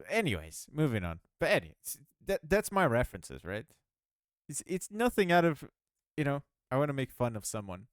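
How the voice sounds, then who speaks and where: A man's voice: medium pitch, clear, resonant tone, dry recording, studio quality. A man chatting casually while working on his game, rambling and poking fun at himself with frequent laughs. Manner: rambling, self-mocking, laughs often. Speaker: game developer. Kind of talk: casual rambling devlog commentary.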